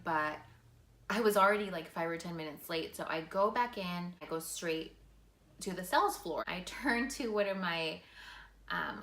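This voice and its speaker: A woman's voice: lowish voice, fairly bright tone, echoey room. A woman vlogger telling a personal story in a casual, earnest way, full of "like" and "you know". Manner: casual, filler-heavy, earnest.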